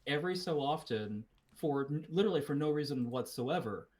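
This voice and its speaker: An American man from the West Coast co-hosts a podcast, his accent slipping into Kiwi words as he rambles and swears through casual chat. His fairly high, slightly mellow voice is animated and brisk.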